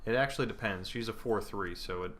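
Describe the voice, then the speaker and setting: Bright-voiced young man thinking aloud. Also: fairly low pitch, fast talker, a little hiss or hum. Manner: thinking aloud, hesitant, with playful put-on panic. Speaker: gameplay commentator. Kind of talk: casual gameplay commentary. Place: indoor room at home, planes passing overhead.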